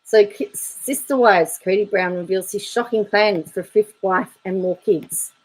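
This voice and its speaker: A woman's voice: medium pitch, unhurried, rough recording. A woman YouTube commentator reading viewer comments aloud in a chatty, wry way, laughing between them.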